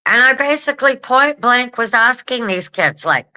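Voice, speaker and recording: A woman's voice: on the high side, lively intonation, moderate pace, sharp tone, poor audio. A woman hosting an online show, chatting casually and rambling to her viewers, repeating words and laughing often. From Canada. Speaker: show host.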